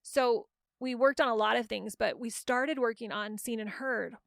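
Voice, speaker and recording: A woman's voice: a little high, moderate pace, vocal fry, dry recording, studio quality. A middle-aged woman hosting a parenting podcast, explaining her method in an encouraging coaching tone with frequent restarts. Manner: warm coaching tone with many restarts. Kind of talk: solo podcast teaching.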